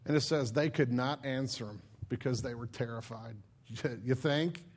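A man preaching a sermon, retelling a Bible story in a lively, casual way and acting out the characters' lines. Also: medium pitch, moderate pace.

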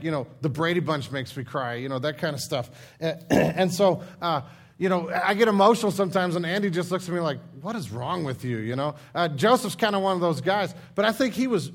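A middle-aged man preaching a sermon as pastor, talking in an earnest, conversational way and acting out the scripture in his own words. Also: a little high.

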